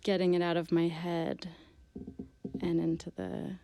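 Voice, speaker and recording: A woman musician chatting as a radio guest, soft-spoken and hesitant, with many ums and small laughs. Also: fairly low pitch, flat delivery, a little slow, vocal fry, dry recording. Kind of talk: casual radio interview chat. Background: guitar.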